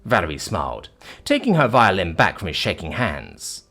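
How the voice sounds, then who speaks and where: A man narrating a sci-fi story in a scripted, expressive storytelling manner. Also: deep voice, normal speed.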